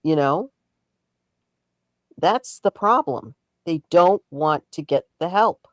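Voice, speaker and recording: Female streamer, deep but bouncy slow sing-song delivery, dry sound. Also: lively intonation, dry recording. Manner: sing-song, teasing, repetitive. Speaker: livestreamer. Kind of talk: casual livestream chatter.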